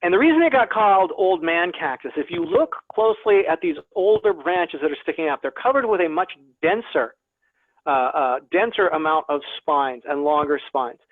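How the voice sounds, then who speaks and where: High-voiced man lecturing over a tinny call. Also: animated, moderate pace, no room sound. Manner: chatty, self-deprecating humor, repeats words. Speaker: guest lecturer, plant scientist. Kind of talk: online lecture to a naturalist club. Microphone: video call. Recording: tinny, phone-like video call audio.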